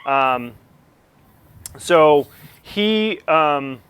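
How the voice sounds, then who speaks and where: Rambling game master, clear voice. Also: male voice, on the high side, lively intonation, very slow, a bit bright. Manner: rambling, many fillers. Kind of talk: narrating a tabletop game.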